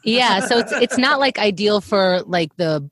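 A woman's voice: medium pitch, lively intonation, a little slow, fairly bright tone. A woman co-hosting a podcast, chatting casually and asking the guest curious questions. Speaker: podcast co-host.

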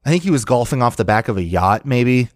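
A man's voice: mid-range voice, animated, fast talker, no echo. A man co-hosting a podcast, chatting casually in a rambling way with lots of fillers and restarts. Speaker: podcast co-host. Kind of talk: casual chat.

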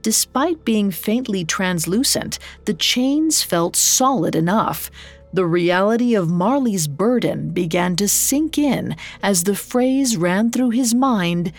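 A woman narrating a scripted story in a measured storytelling manner. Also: mid-range voice, expressive. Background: faint music.

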